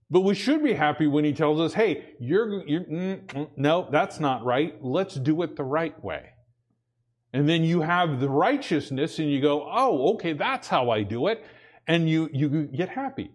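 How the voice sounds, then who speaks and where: A man preaching a sermon in a relaxed, conversational way, checking in with "amen?" and acting out little everyday scenes. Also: fairly high pitch. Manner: conversational preaching with frequent "amen?" and acted asides. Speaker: pastor.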